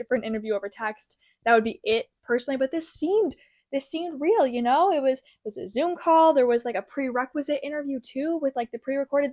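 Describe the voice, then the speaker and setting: A young woman, a crochet designer, chatting casually to camera from her childhood bedroom as an animated storyteller with lots of fillers. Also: on the high side, no echo. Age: young adult.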